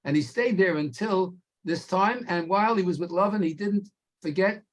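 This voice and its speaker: A man teaching a Torah class, explaining slowly and stretching key words for emphasis. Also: high-pitched.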